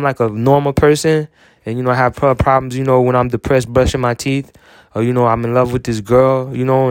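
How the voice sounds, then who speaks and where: Young male podcaster, smooth dry voice, rambling, profane, filler-heavy monologue. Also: medium pitch, no echo. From United States. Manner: rambling, repeats filler phrases, swears often. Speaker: podcast host.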